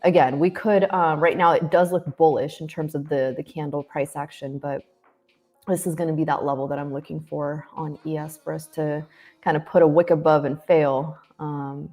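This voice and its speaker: A woman co-hosting a live trading stream, chatty and quick to laugh, thinking aloud with fillers. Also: low-pitched, steady tone, dark tone. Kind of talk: casual live-stream chat about futures trading.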